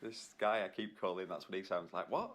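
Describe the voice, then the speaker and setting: A man co-hosting a podcast in casual chat, joking and teasing and quick to laugh. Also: low-pitched, steady tone, a bit bright. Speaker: podcast co-host.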